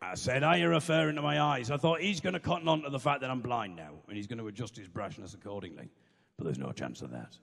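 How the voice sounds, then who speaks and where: British stand-up, dry self-mocking delivery, bright voice with a gravelly edge, echoing hall. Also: male voice, lowish voice, very animated, fast talker. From Britain. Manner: dry, self-deprecating, wry asides. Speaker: stand-up comedian. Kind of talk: comic song then stand-up. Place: university venue stage. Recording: live in a reverberant hall.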